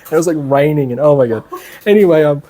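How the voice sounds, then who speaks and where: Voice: mid-range voice, fast, warm tone. A speaker, telling a rambling story to a class in a casual way, laughing often and using a lot of fillers. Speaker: class presenter.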